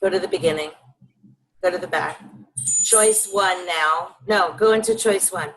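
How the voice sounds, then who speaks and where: A teacher on a video call, giving brisk instructions to a colleague during a live demo. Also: female voice, fairly low pitch, fairly bright tone, low-quality recording. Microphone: computer mic on a video call.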